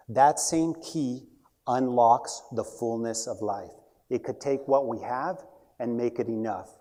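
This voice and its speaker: A man's voice: medium pitch, darkish tone. A middle-aged man giving a short talk, telling a story with asides.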